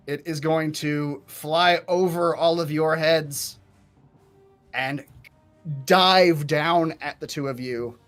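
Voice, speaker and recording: A man's voice: a little high, fairly even intonation, slow, fairly bright tone, soft background music. A man narrating as game master in a tabletop game, speaking with frequent fillers and restarts.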